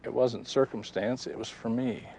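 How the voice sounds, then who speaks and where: A man's voice: mid-range voice, steady tone, moderate pace, mellow, a little hiss or hum, poor audio. Folksy man telling a story outdoors. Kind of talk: personal testimony told outdoors.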